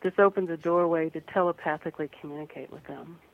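A woman from the American Midwest, a guest photographer and author, speaking earnestly and gently with some restarts in a radio interview. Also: low voice, fairly even intonation, fast, creaky. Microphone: phone. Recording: tinny phone line.

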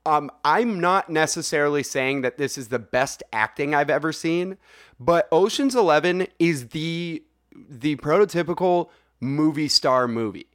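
A young man co-hosting a podcast, chatting casually about movies with lots of laughter and animated asides. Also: fairly high pitch, unhurried. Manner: animated, laughs often, says dude. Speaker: podcast co-host. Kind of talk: casual movie review chat.

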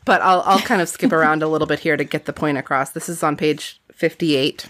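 A woman's voice: low-pitched, brisk, a bit bright. A woman hosting a casual book discussion, chatty and often laughing, mixing reading aloud with her own asides. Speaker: podcast host. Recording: music playing underneath.

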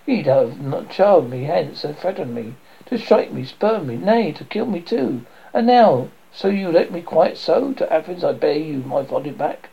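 A man voicing a timid, wounded young woman in a verse play, reading with lively stresses. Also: on the high side, unhurried, vocal fry, hardly any pauses, husky, highs cut off, full character voice. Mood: pleading.

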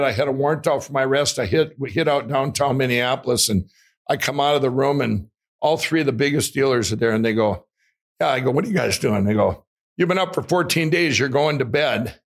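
A man, a guest in an interview, telling a long personal story in an animated way, with frequent restarts and acted-out quotes. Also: mid-range voice, a little fast. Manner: animated, restarts often, acts out quoted voices.

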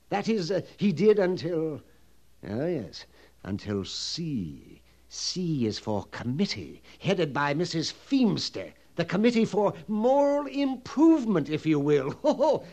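A jittery frontier storekeeper in a vintage western drama, his fairly high voice leaping and sinking as he frets. He lingers over his words, leans into grand phrases and then hushes to a whisper. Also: heavily acted. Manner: fretful, theatrical, drops to whispers. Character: fussy nervous middle-aged male army-post storekeeper. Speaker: sutler running a fort canteen.

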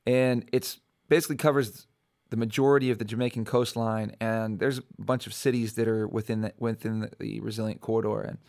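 A man's voice: lowish voice, fairly even intonation, brisk, creaky, darkish tone. Rambling, reflective man hosting a podcast. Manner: rambling, many restarts and fillers; reflective, easygoing. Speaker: podcast host. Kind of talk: casual solo podcast monologue.

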